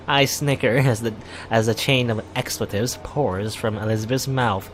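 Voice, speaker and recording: A man reading a visual novel aloud for a let's play, in a casual way with wry asides and quick self-corrections. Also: on the low side, steady tone, soft background music.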